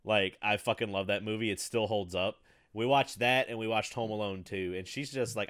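A man in his thirties chatting casually, telling rambling profane stories with bursts of loud laughter. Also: on the low side, fairly quick, no echo, clean studio sound. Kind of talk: casual chat.

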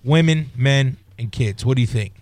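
A man's voice: medium pitch, normal speed, a little mellow, dry recording. A man hosting a radio show, joking and teasing. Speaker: radio host. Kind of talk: casual radio banter. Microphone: studio mic.

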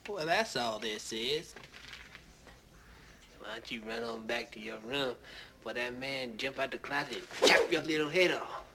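An actor playing a stern, sarcastic Marine major with a blunt, mocking drawl, in a film clip. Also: male voice, medium pitch, normal speed, background noise, natural voice. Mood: mock-gentle menace.

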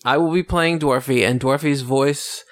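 A man's voice: mid-range voice, steady tone, normal speed. A man playing in a tabletop game, joking casually with the table. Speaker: player.

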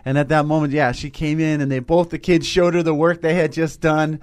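A man's voice: a little high, steady tone. A man who works as a teacher, telling a story in a casual spiritual chat with many restarts and hesitations. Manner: rambling, halting storytelling.

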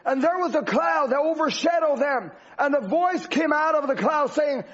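Preacher, male, very high-pitched, driving repetitive sermon delivery, muffled lo-fi audio. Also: moderate pace, fairly bright tone. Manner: emphatic, repetitive preaching cadence. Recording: dull lo-fi recording.

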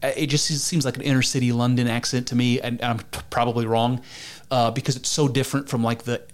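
A man's voice: mid-range voice, flat delivery, fast. A man co-hosting a podcast, chatting casually and enthusiastically, rambling with restarts and the odd swear word. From United States. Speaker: podcast co-host. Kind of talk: casual chat.

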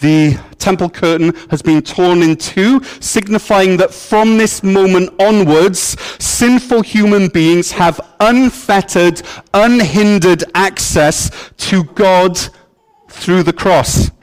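A man with a high voice preaches a sermon as pastor. He takes his time over each phrase and keeps his tone playful and joking as he tells the story. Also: slow pace, clear, resonant tone. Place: church.

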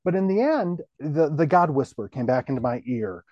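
A middle-aged man, a guest on the show, telling his career story in a relaxed, rambling way full of "you know" fillers. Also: fairly high pitch, moderate pace, dry recording, muffled recording. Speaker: guest, TV station general manager.

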